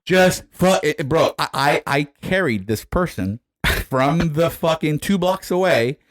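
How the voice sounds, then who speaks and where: A man's voice: a little high, expressive, measured pace, dry recording, clean studio sound. A man co-hosting a podcast, telling a rambling, profane story with many restarts and a repeated "right?". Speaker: podcast co-host. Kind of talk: casual storytelling chat.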